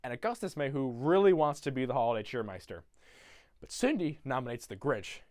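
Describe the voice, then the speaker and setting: A man's voice: medium pitch, expressive, brisk, darkish tone, dry recording, clean studio sound. A young man rambling profanely through a retelling of a film from memory, laughing as he goes. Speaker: YouTuber.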